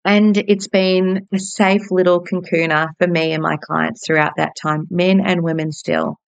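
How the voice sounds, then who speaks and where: A woman's voice: on the low side, fairly even intonation, a little slow, creaky, clear, resonant tone, no room sound. Bubbly Australian woman telling stories. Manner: bubbly and candid, swears casually. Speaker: podcast host and hairdresser. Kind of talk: personal storytelling monologue.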